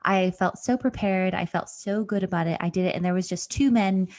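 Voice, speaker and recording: A woman's voice: medium pitch, brisk. Chatty woman hosting an interview. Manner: chatty storyteller, animated quoted asides. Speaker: interview host. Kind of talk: casual interview chat.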